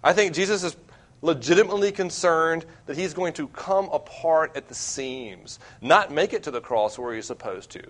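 A young man preaching as a campus minister, earnest and self-deprecating, with wide swings between loud and quiet. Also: fairly high pitch, lively intonation, moderate pace. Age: young adult. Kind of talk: sermon.

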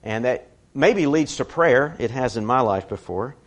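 A man's voice: mid-range voice, expressive, a little slow. A man preaching a sermon in a conversational way, telling stories with personal asides.

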